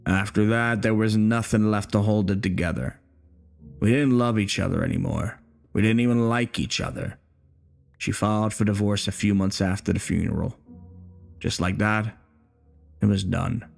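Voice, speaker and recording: A man voicing a gravelly, bitter old war veteran. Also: lowish voice, darkish tone, faint music behind. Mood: cold. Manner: slow, menacing, profane. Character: bitter, crude, hostile older male war veteran.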